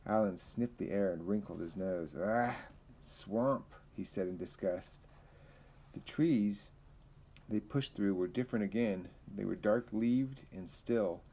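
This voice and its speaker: A man reads a novel aloud in a plain, conversational manner. His voice is low. He now and then trips over a word and adds a casual comment. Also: dark tone, rough recording. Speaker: reader.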